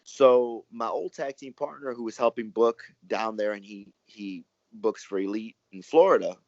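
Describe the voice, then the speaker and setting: A man, a wrestler telling stories in a relaxed interview, rambling and acting out what others said. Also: lowish voice, moderate pace, no echo. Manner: rambling, animated, acts out quoted dialogue. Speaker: professional wrestler and guest. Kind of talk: casual storytelling interview. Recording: dry, muffled lo-fi audio.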